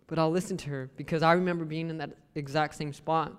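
A man's voice: fairly high pitch, fairly even intonation, quick pace, fairly bright tone, smooth. A young man giving a casual sermon, mixing scripture with joking stories about his family. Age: young adult. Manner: conversational, joking asides, acts out family quotes. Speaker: lay preacher. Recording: long reverb of a hall.

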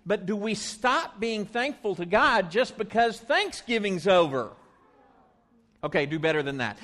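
A man giving a children's message in church, coaxing the kids to repeat short phrases slowly after him. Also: high-pitched, animated, fairly bright tone. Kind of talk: children's message with call-and-response. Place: church sanctuary. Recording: long church reverb.

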